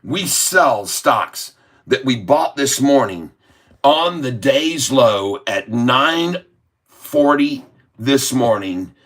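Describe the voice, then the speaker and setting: A man's voice: mid-range voice, lively intonation, fairly bright tone. A man hosting a stock trading livestream, chatting casually and reading viewer comments in a drawling, jokey way. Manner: drawling and jokey, chuckling between remarks; slow, drawn-out delivery when explaining trades.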